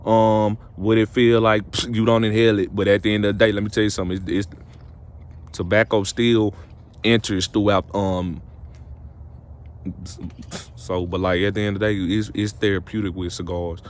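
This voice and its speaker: A man's voice: on the low side, little pitch movement, moderate pace. A young man, giving casual motivational relationship advice to camera in a preachy, repetitive way that climbs to emphatic peaks. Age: young adult.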